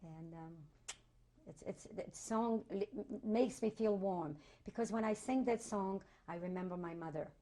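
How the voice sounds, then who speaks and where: A woman in her sixties, a Holocaust survivor, telling her life story in an oral history interview, halting and repeating words for emphasis. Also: medium pitch, mellow.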